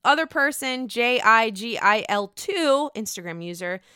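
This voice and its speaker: Pittsburgh woman podcast host, sore-throated, frank and foul-mouthed, crisp tone in a dry room. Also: on the high side, expressive, unhurried, sharp tone, no echo. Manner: candid, profane, chatty. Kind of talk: casual reality-TV gossip chat.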